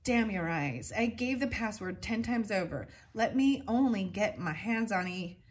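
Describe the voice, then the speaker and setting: A woman's voice: medium pitch, expressive, measured pace, slightly rough. A woman voicing a blustering giant male outlaw who hurls old-fashioned oaths at his own men, read aloud from a storybook. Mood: angry.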